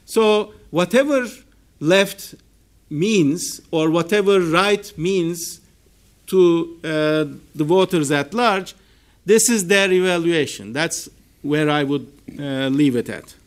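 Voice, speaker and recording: A man with a Turkish accent presents research at a seminar. His voice sits a little high for a man. He speaks slowly and deliberately, pausing on fillers as he works through his points. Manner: measured, hesitant with frequent fillers. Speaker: political science researcher. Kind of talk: academic seminar talk. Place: seminar room.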